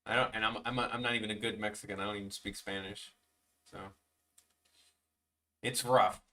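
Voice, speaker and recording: Young male streamer, rambling and self-deprecating, bright tone, sits back from the mic. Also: fairly low pitch, fairly even intonation, a little fast, recorded from a distance. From Chicago, USA. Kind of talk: casual chat while drawing on stream.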